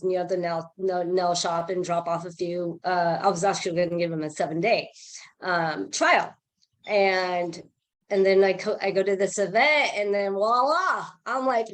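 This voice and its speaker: A woman telling a casual sales story on a group call, chatty and animated, acting out what people said. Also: lowish voice, normal speed. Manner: chatty, animated, acts out quoted dialogue. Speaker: team member sharing a sales story.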